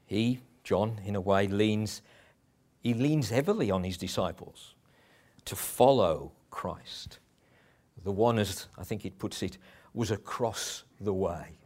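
A man's voice: lowish voice, slow, a little mellow. Man preaching a conversational sermon. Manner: conversational, with chuckles and restarts.

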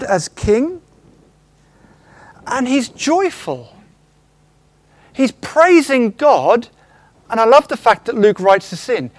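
A man preaches in a high voice that swings up and down with real animation. He acts out little quoted lines and keeps putting questions to his congregation. The sound is dry and close. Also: no echo. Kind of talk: sermon. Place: church.

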